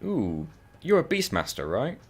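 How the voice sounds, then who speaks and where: A man's voice: medium pitch, huge pitch swings, measured pace, slightly rough, soft background music. A man chatting casually while playing a co-op video game, telling stories animatedly and laughing often. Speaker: co-op gaming channel host.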